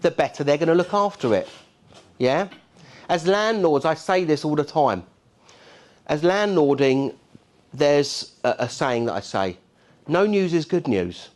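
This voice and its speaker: A middle-aged man with a Cockney accent gives a keynote to a conference audience. His delivery is punchy and rhetorical. He keeps checking in with the crowd with quick asides. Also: fairly high pitch, expressive. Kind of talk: lively conference speech. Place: conference hall.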